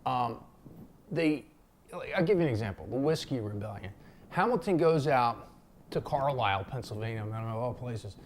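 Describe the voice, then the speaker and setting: A man's voice: medium pitch, animated, moderate pace, a little hiss or hum. A man from Philadelphia, talking casually to camera in a loose, rambling way, with fillers, slang and swearing. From Philadelphia, USA. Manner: acts out quotes in a raised voice. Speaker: vlogger. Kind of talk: casual unscripted talk to camera.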